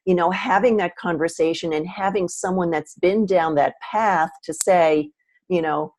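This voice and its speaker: A woman hosting an interview, talking in a reflective, measured way in casual chat. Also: lowish voice, a little mellow. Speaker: interview host.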